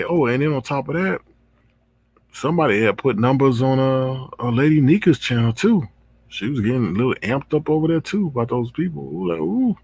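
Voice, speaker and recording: A man with a gravelly, slightly husky voice hosts his own commentary channel. He talks casually and reacts to gossip with stretched-out exclamations. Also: medium pitch, a little mellow. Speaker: drama commentary channel host.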